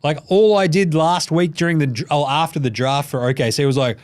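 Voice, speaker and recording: A man's voice: a little high, a little fast, hardly any pauses, darkish tone. A man hosting a podcast in casual sports talk, joking, swearing, and slipping into mock voices. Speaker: podcast host.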